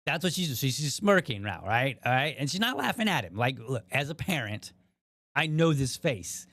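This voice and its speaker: A man's voice: medium pitch, sing-song, moderate pace, a bit bright, no echo. Dry-voiced, chatty man commenting. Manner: chatty, thinks aloud, frequent asides to viewers. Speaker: podcast host. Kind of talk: casual commentary on a viral video.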